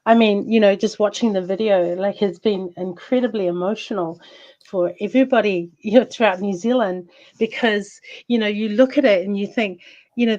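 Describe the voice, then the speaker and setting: A woman's voice: mid-range voice, warm tone, muffled recording. A woman hosting an interview in a conversational way, with a lot of filler words. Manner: conversational, full of "you know" fillers. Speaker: show host. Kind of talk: casual interview chat.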